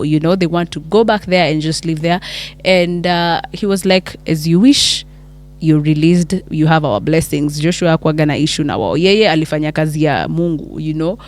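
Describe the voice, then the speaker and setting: A Kenyan woman retelling a Bible story casually, animated, switching between English and Swahili slang. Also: low voice. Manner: animated, mixes English and Swahili, many restarts.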